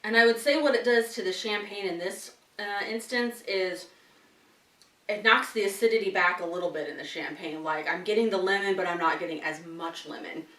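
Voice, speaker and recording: A woman's voice: mid-range voice, moderate pace, a bit bright. A woman hosting a casual tasting video, chatting while she chews and laughing often. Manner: chatty, talks while chewing, frequent laughs. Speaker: wine and chocolate tasting host. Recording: roomy sound from some distance.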